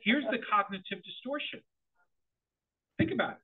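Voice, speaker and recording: A middle-aged man giving an interactive presentation to parents, animated and quizzing his audience. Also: extremely high pitch, normal speed, husky. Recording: tinny phone-like audio.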